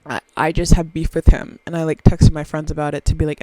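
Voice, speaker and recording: A woman's voice: low voice, little pitch movement, quick pace, mellow, dry recording, poor audio. A woman, rambling through a profane, self-mocking solo podcast chat very close to the microphone. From Southern US. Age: 20s. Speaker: podcast host.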